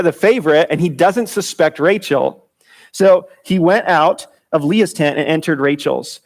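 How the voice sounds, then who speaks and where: Casual, joking male preacher. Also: fairly high pitch. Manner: conversational, joking asides with laughter. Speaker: pastor. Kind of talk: expository sermon.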